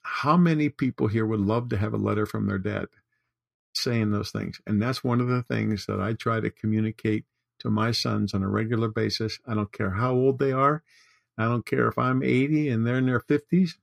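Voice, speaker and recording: A man's voice: lowish voice, steady tone, moderate pace, vocal fry, no room sound, studio quality. An older man talking as a podcast guest, earnest and heartfelt, in casual conversation. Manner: warm-hearted, earnest, tearful at times. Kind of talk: casual chat.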